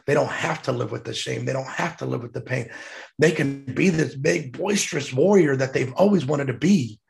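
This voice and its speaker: A man's voice: medium pitch, normal speed, gravelly. A man, a military veteran guest, telling an emotional personal story in a heartfelt, emphatic way. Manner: heartfelt, emphatic, choked up at times.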